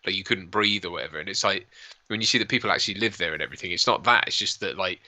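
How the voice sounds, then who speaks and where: A man's voice: low voice, rapid-fire, pushed and bright. A man co-hosting a casual watch-party chat, chatty and full of trailing asides. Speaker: co-host. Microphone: lavalier.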